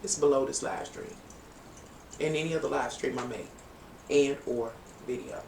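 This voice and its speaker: A woman's voice: very deep voice, normal speed, darkish tone. A middle-aged woman, giving a playful, bawdy live-stream tarot reading and bantering with her viewers. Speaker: tarot reader. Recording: roomy, distant home mic with faint background hum.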